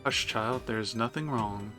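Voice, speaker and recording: A man's voice: lowish voice, moderate pace, sharp tone, soft background music. A man voicing a haughty, commanding queen mother while reading game dialogue aloud. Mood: serene, condescending. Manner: stately, commanding and condescending. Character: haughty regal mother-queen, ruler of a religious city.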